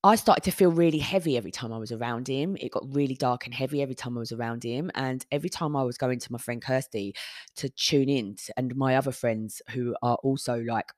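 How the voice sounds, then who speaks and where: A woman's voice: a bass voice, quick pace, a little mellow, no room sound, studio quality. A woman, hosting a podcast and telling a personal story in a candid manner, often swearing and retelling conversations. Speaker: podcast host.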